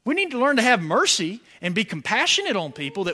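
A man preaches as pastor in a high, sharp, sing-song voice, talking fast with few pauses. He poses call-and-response questions to the congregation, and his emphasis climbs toward emphatic points.

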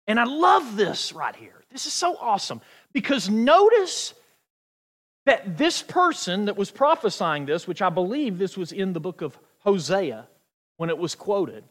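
A male pastor preaching a sermon, swinging from near-shouts to hushed asides. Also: high voice. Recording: echoey hall with long reverb.

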